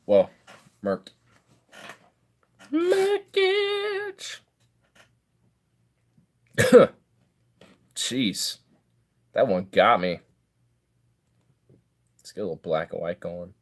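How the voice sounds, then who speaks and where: A man's voice: sits low, slow, long pauses. A man streaming a game, joking and swearing as he reacts. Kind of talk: casual gaming commentary.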